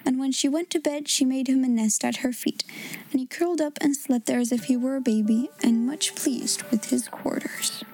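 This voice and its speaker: A woman host reading a children's story aloud, with expressive, gently acted dialogue. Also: sits high, moderate pace, rough recording.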